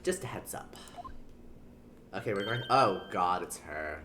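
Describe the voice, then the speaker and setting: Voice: low-pitched, expressive, a little slow, background noise. A streamer giving casual commentary while playing a game, chatty and joking in reaction to the story.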